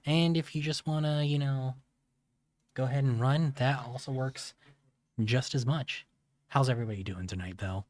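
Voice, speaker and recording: A man streaming a video game, talking in a laid-back, halting way with many fillers. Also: medium pitch, a little mellow, dry recording. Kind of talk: casual gameplay commentary.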